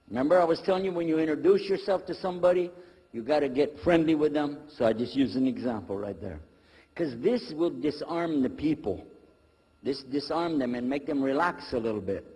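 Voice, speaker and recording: A man's voice: on the high side, darkish tone, husky, in a large hall. A man giving a lecture to a live audience, joking and talking in a folksy, conversational way. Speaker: Islamic lecturer.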